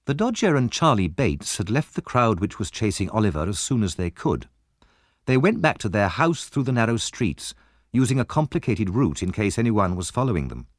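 A man narrating a story as an audiobook, with expressive, lively storytelling. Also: fairly low pitch, moderate pace, no room sound, clean studio sound.

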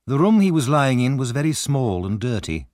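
A man reading a storybook chapter aloud in a measured, expressive way. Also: mid-range voice, no echo, clean studio sound. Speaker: audiobook narrator. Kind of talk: scripted storybook narration.

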